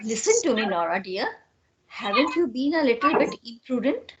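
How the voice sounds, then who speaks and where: A woman with an Indian English accent reading the part of a sober, worldly friend in a measured tone. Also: fairly high pitch, animated, muffled recording, noisy background, lightly acted. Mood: earnest.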